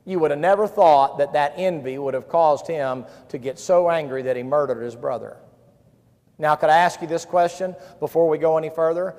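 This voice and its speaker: A man delivers a sermon as a pastor. His voice sits a bit high for a man, and he drives his points home by repeating phrases with emphasis. The sound carries a long reverberation from a large hall. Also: normal speed, a little mellow. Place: camp-meeting hall.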